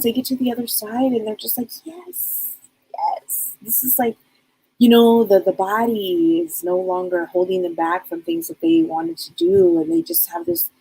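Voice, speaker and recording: A woman's voice: on the high side, vocal fry, darkish tone, husky, rough recording. A woman psychic medium giving a live reading, chatty and rambling as she passes on what spirits tell her.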